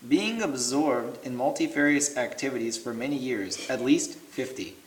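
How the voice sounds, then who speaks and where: A man reading listeners' questions aloud to a teacher in a plain, steady way. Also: medium pitch, normal speed, slight background noise. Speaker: question reader. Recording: echoey room.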